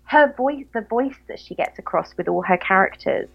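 A woman's voice: a little high, expressive, moderate pace, vocal fry, muffled recording. A woman from England with a Southern English accent, co-hosting a casual book chat in a dry, self-mocking way and laughing often. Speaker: podcast co-host.

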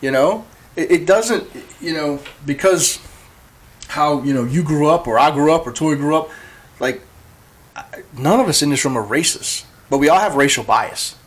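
A man's voice: on the high side, expressive, normal speed. A man co-hosting a podcast in casual chat, earnest and full of fillers. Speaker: podcast co-host.

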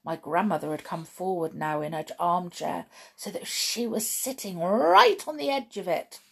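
A woman reading a children's book aloud, telling the story steadily with lively lifts. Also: on the low side, creaky, slightly rough.

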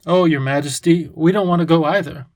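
Read by a man, this gentle old professor is warm and courteous, speaking with careful politeness in a lightly acted, slightly high voice. The sound is close and dry, with no room sound.

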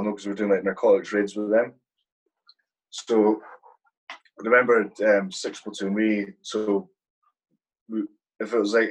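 An army platoon sergeant, appearing as a guest in a casual interview, tells war stories in a low, husky voice on a rough recording. He swears constantly and says "mate" all the time.

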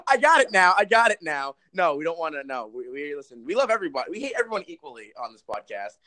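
A young man in his twenties co-hosts a relaxed podcast chat, rambling and poking fun at himself with frequent laughs. His voice sits a little high for a man, and the recording is dry and close. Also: fast talker, no room sound. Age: 20s. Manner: rambling, self-deprecating, laughs often. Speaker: podcast co-host. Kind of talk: casual chat. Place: Minnesota.

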